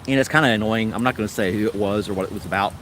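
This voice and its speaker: A man's voice: lowish voice, rapid-fire, a bit bright, slight background noise. A man with a Tennessee accent hosting a casual livestream chat, rambling along in an easygoing way. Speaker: host.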